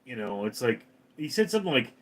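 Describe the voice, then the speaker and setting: This livestream host talks a little fast in a mid-range voice, keeping things casual. Animated, he reads commenter names and replies to them one by one.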